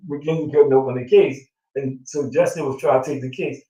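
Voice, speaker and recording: A man's voice: mid-range voice, steady tone, a little fast, mellow. A middle-aged man, a proud father, telling a long heartfelt story in casual chat, with many fillers and an emotional tone. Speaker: father of the groom. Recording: roomy sound from a distant mic.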